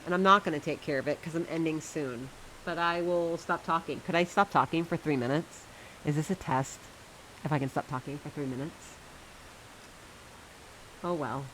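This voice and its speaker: A woman's voice: low voice, fairly bright tone, a little hiss or hum, poor audio. A woman streamer chatting casually to her viewers while she plays a game, chatty and self-mocking, often laughing at herself.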